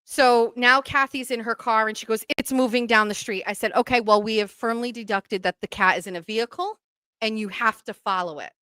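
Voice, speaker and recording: Bright, animated New woman storyteller. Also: a little high, fairly quick, smooth, dry recording. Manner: animated, acts out quoted voices. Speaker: podcast host. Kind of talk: casual storytelling.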